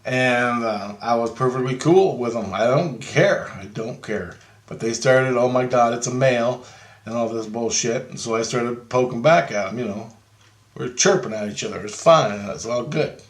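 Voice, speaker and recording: Man in a casual monologue, medium pitch, rambling and repetitive with loose swearing, recorded with an echoey room sound. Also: moderate pace. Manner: meandering, repeats himself, swears casually. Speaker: storyteller recounting a dream.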